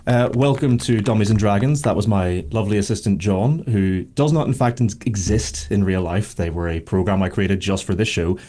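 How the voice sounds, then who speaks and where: A man hosting a comedy quiz, introducing his guests with playful, deadpan jokes. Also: on the low side, a little fast, few pauses, slight background noise. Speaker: quiz host.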